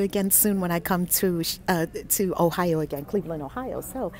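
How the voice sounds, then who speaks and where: A woman's voice: on the low side, moderate pace, hardly any pauses, darkish tone. Effusive woman vlogging from a bookstore. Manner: effusive, greets viewers by name, repeats phrases. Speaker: spiritual vlogger hosting a live stream. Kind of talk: casual live-stream chat. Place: inside a bookstore.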